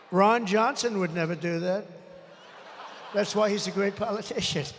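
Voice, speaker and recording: A man in his seventies giving a rambling, boastful, combative campaign rally speech, his throat strained from shouting into a podium microphone. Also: sits high, moderate pace, slight background noise. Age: 70s. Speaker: presidential candidate. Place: large indoor rally venue. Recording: echoey arena with faint crowd.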